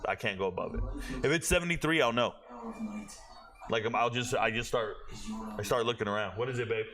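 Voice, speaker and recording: A young man streaming a football watch party, telling animated stories to his chat and swearing freely. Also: medium pitch. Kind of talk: casual chat.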